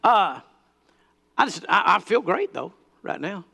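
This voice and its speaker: A man's voice: high voice, big pitch swings, a little slow, vocal fry, bright, forceful tone. A man preaching a sermon, telling a personal story that builds into fervent declarations.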